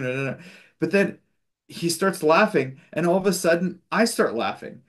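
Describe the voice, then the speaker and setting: A man with a fairly high voice, speaking at normal speed, leads a spiritual discussion group over a video call. He tells stories loosely and chattily, full of fillers, restarts, and self-corrections, with an occasional chuckle.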